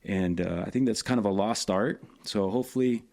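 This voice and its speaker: A man telling stories as a podcast guest in a casual, animated way, with lots of filler phrases. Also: lowish voice, brisk. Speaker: podcast guest, tournament organizer. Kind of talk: casual storytelling.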